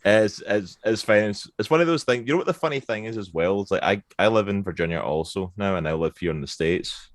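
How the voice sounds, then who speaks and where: A Scottish man in his thirties, a podcast guest chatting casually and telling stories with lively laughter. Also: lowish voice, a little fast, hardly any pauses, no echo, studio quality. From Scotland. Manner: animated storyteller, laughs often. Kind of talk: casual chat.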